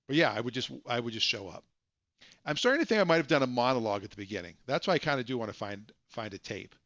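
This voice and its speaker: A man chatting casually to his live-stream viewers, wandering through stories and correcting himself mid-sentence. His voice sits in a middle pitch. The sound is dry and close, and the audio is a bit dull and lo-fi. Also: expressive, fast talker, a bit bright, no echo. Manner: rambling, self-correcting storyteller.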